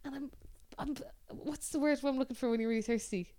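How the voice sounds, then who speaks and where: A woman's voice: high-pitched, brisk, warm tone. An Irish woman co-hosting a podcast, telling a story in a chatty, sweary way and laughing often. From Ireland. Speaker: podcast co-host. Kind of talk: casual chat.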